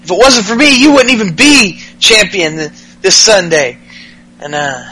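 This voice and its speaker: High, bright-voiced profane podcast host. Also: male voice, expressive, moderate pace, slightly rough, low-quality recording. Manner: profane, jokey, acts out wrestlers' lines in mocking voices. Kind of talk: casual wrestling recap.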